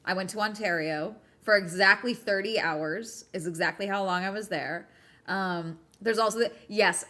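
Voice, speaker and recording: A woman's voice: on the low side, sharp tone. A young woman from Southern California with a Southern California accent, chatting casually on a livestream as host and reading chat aloud, with lots of ums and likes. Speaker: streamer host.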